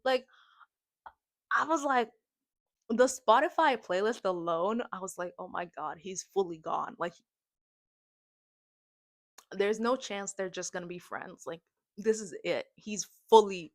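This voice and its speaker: A young woman retells a film plot for her vlog in a lively, slang-heavy way. She talks casually and makes dramatic comic asides in a mid-pitched voice. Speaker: movie reaction vlogger. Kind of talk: casual movie recap and reaction.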